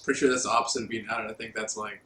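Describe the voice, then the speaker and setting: A laid-back young man in casual podcast chat, often trailing off and laughing. His voice is bright and forceful. He sounds echoey, as if in a live room. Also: on the low side, flat delivery, very fast, slight background noise. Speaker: podcast co-host. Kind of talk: casual stoned banter.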